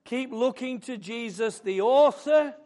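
A man preaching a sermon, building fervently into loud, emphatic declarations. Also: very high-pitched, unhurried.

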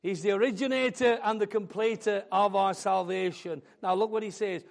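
A man preaching a sermon, building fervently into loud, emphatic declarations. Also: high voice, steady tone, moderate pace, vocal fry.

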